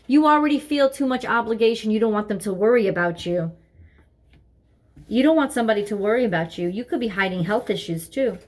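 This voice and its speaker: A woman with a slightly high, expressive voice, speaking a little fast, reads tarot from her desk at home with her dog beside her. Earnest in tone, she repeats herself as she works through her thoughts out loud.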